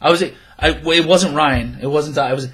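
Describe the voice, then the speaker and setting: A man's voice: fairly high pitch, moderate pace, breathy edge. Swearing young man telling a story. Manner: animated, swearing, acts out friends' lines. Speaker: podcast co-host. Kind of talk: casual storytelling chat.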